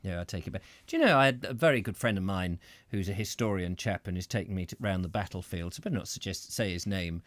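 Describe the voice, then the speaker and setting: A man's voice: low voice, fast, no echo. A middle-aged Englishman hosting a live reading, breaking off into rambling, self-interrupting chat about the text and viewers' comments. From Britain. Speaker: reader and host.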